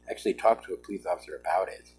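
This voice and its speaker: Man, husky voice, lowish pitch, agitated emphatic vlog talk. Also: very fast, a little mellow, soft background music, poor audio. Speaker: vlogger. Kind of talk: self-recorded vlog monologue.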